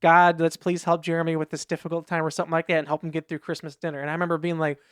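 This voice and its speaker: A man's voice: on the high side, flat delivery, rapid-fire, fairly bright tone, clear, resonant tone, dry recording, studio quality. A man co-hosting a podcast in casual chat, rambling through anecdotes and acting out what people said in raised voices. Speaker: podcast co-host.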